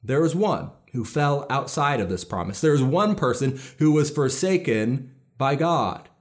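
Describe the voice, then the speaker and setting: A pastor preaching a sermon in an earnest, emphatic way, stressing key lines as he builds his points. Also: a little high.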